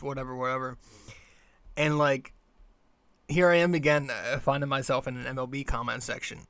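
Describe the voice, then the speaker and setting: A young man hosts his podcast in a loose, rambling monologue full of restarts and asides. His voice sits in a middle pitch. The close mic sounds dry, with no room around it. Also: steady tone, brisk, pauses often, fairly bright tone, clean tone, no room sound. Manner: rambling, self-interrupting with fillers and restarts. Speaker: podcast host. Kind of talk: casual solo podcast monologue.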